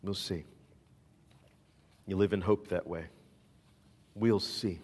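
A man's voice: deep voice, steady tone, a little slow, darkish tone, husky, big-room sound. A man preaching a sermon as pastor, emphatic and repeating his key phrases.

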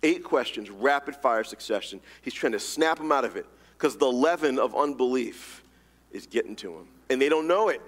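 A man's voice: mid-range voice, big-room sound. A man preaching a sermon, emphatic and casual, reading scripture and telling a story. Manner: animated, rapid-fire emphatic delivery, casual slang.

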